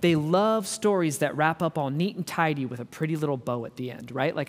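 Male pastor in his thirties, slightly high voice, candid sermon, long hall echo. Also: fairly quick, few pauses. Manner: candid, conversational, acts out quoted voices. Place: church auditorium. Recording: long church hall reverb.

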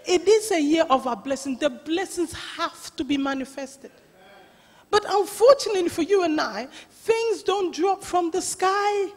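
A woman pastor preaching a sermon, telling a story with lots of laughter and animated voices. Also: extremely high pitch, a little slow. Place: church. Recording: reverberant church hall.

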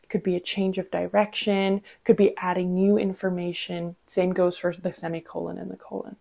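A woman's voice: mid-range voice, gravelly, a little mellow. A woman in her twenties hosting a podcast, explaining acting technique in a chatty, instructional way with casual fillers. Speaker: podcast host and acting coach.

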